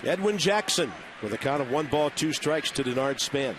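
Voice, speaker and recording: Play-by-play announcer, male, upper-mid voice, conversational with wry asides, booth audio with steady noise. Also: on the high side, moderate pace. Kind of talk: baseball play-by-play commentary. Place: broadcast booth at a ballpark. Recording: noisy broadcast audio.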